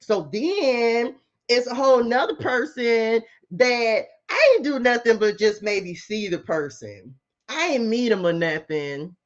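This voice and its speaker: Middle-aged female tarot reader, sassy and chatty, slightly high voice, muffled lo-fi recording. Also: expressive, unhurried. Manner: sassy, chatty, talks to viewers and spirit. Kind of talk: casual tarot reading to viewers.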